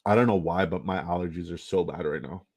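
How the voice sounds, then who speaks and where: A man's voice: sits low, quick pace, darkish tone, breathy edge. A man chatting casually and profanely on a live stream while drafting fantasy football, joking and laughing as he trash-talks the other players.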